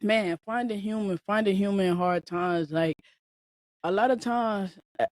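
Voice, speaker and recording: In a slightly slow, mid-range voice with a darkish tone, a woman hosts a casual storytelling podcast. She wanders conversationally and addresses her listeners head-on, recorded in clean studio sound with no room sound.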